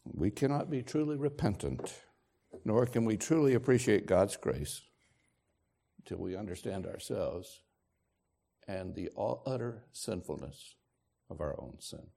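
Gravelly, lively slow-preaching man. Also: lowish voice. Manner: emphatic, slow and deliberate preaching with dramatic pauses. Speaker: pastor. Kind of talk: sermon. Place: church sanctuary with congregation.

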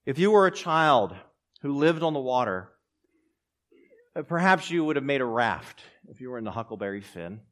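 A man preaching a sermon, swinging between loud, raised passages and quiet, low asides. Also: very animated, moderate pace. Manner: preaching with strong rises and drops in pitch and loudness. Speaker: pastor.

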